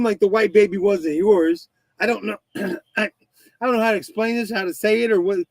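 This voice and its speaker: A man's voice: high-pitched, brisk, dry recording, rough recording. A man in his thirties hosting a casual podcast, telling stories in a rambling way with lots of swearing and restarts. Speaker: podcast host. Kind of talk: casual chat.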